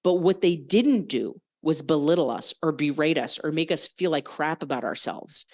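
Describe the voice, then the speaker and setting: A young adult woman, a fitness coach, hosts a coaching podcast in a low, animated voice at normal speed. She talks frankly and swears casually while explaining mindset exercises.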